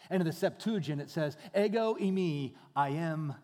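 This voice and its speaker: Male pastor, fairly high voice, dynamic sermon delivery, long hall echo. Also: animated, moderate pace. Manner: dynamic preaching, dropping to hushed tones then rising loud.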